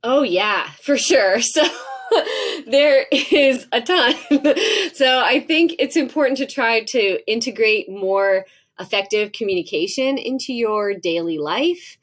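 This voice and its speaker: A woman's voice: on the high side, animated, a little slow. A woman in her forties talking candidly as an interview guest, laughing often and acting out her own angry outbursts. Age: 40s. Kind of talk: casual interview talk.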